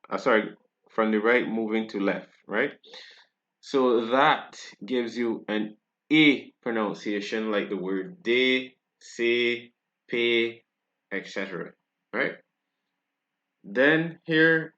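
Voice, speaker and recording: A man's voice: fairly low pitch, a bit bright, lo-fi sound. A man from Barbados with a Barbadian accent, giving a French pronunciation lesson and checking in with "right?" after each point. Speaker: French teacher.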